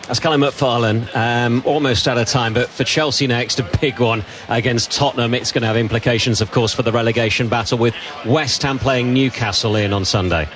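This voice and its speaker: A man presenting a live sports broadcast, wrapping up the day and putting questions to pundits in a brisk, conversational way. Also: medium pitch, fairly even intonation, fairly bright tone.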